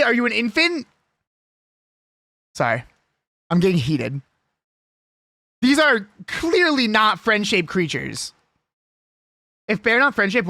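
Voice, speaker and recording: Bright, ranting, lively streamer. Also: mid-range voice, dry recording, studio quality. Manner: ranting, swearing, argumentative; rambling, jokey. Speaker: live streamer. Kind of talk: casual live-stream chat with chat.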